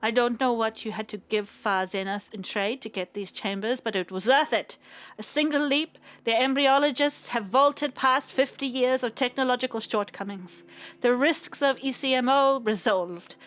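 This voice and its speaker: A woman voicing a stiff foreign scientist, reading his formal report in a heavy mock-villain accent. The voice sits fairly high and the delivery is deliberate and precise. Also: fairly bright tone, natural voice. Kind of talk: reading a game log aloud in a put-on accent.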